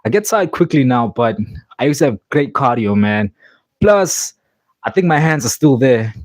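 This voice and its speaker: A man's voice: mid-range voice, lively intonation, normal speed, no room sound. A man on a livestream, out of breath and boasting to his chat. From South Africa. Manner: boastful, talking straight to chat.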